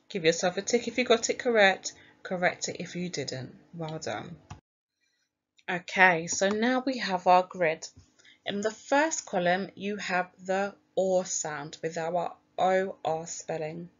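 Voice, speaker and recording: A woman teacher giving a recorded phonics lesson to young children, sounding out each letter slowly and clearly in a British accent. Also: fairly low pitch, highs cut off. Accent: British English. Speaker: primary school teacher.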